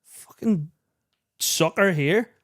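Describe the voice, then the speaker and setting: A man co-hosting a casual podcast, spinning a comic story with a slightly high-pitched voice. He swears freely, laughs through his own punchlines and slips into the voices of the people in his tale. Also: slow. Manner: animated anecdote-telling, heavy swearing, laughs mid-story, acts out others' lines. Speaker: podcast co-host.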